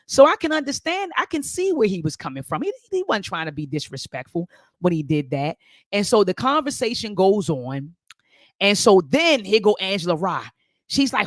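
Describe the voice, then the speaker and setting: Very animated and moderately paced, this mid-range voice belongs to an educator casually commenting on things. The talk wanders, backtracks when the thread slips, and speaks straight to the audience and commenters, all in a dry recording.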